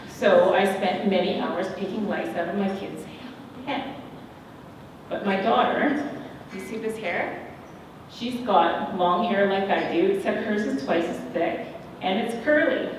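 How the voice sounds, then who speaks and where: A middle-aged woman giving a keynote speech, telling a personal story with candid, animated delivery and quoted dialogue, speaking into a handheld microphone. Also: medium pitch, a little hiss or hum. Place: large hotel event hall. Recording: distant, echoey hall recording with faint ambience.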